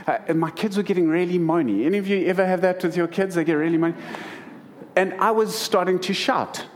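A man's voice: high voice, fairly quick, slight background noise. A middle-aged man preaching to a congregation, telling humorous stories about family life. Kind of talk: sermon.

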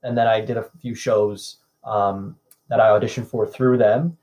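A man's voice: lowish voice, fairly even intonation, normal speed, darkish tone. A young adult man from Canada, an actor guest in a casual interview, talking in an easygoing, rambling way full of "like" and "um".

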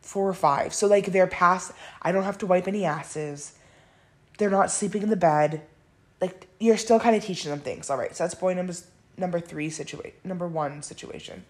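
Blunt, chatty woman, lowish voice. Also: moderate pace. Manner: chatty, blunt, swears freely, laughs often, many "like"s. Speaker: podcast host. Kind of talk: candid casual monologue.

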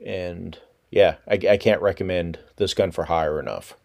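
Low-voiced man hosting a podcast. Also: a little slow, vocal fry, noisy background. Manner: relaxed, rambling with restarts. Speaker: podcast host. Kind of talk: casual podcast talk.

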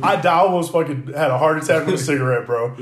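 A man's voice: on the high side, fast, reverberant. A man telling profane, laughing stories about coworkers in a casual chat. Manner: profane, laughing, animated storytelling. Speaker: mechanic telling shop stories. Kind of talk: casual storytelling among coworkers.

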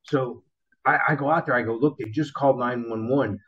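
A man casually telling a wild story from his car-selling days, animated and profane, acting out the people in it. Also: mid-range voice, fairly quick, breathy edge. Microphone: laptop built-in mic. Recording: dull lo-fi laptop mic.

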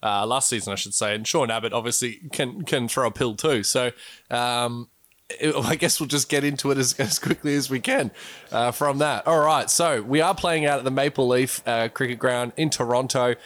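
A man's voice: medium pitch, moderate pace, fairly bright tone, dry recording. A man doing casual, chatty co-commentary on a simulated cricket match. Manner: loose and chatty, with fillers and laughs.

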